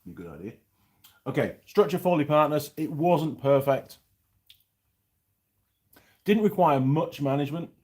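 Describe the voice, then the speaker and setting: A man's voice: a little high, expressive, measured pace, long pauses, a little mellow. A middle-aged man hosting a casual vlog, chatting in a rambling way and reading out viewer comments while he eats. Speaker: channel host reviewing pies. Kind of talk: casual live-chat vlog.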